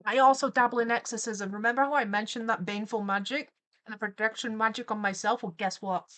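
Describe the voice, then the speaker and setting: A woman's voice: fairly high pitch, fairly even intonation, quick pace, sharp tone. A young woman, chatting casually on a livestream as she animates, playfully spinning theatrical mock-villain tangents. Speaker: streamer and animator.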